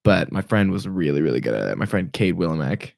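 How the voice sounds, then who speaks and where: A young man hosting a podcast in casual chat, rambling with restarts and sudden jumps in pitch. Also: very animated, fast, creaky, a little mellow, no echo, studio quality. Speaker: podcast host.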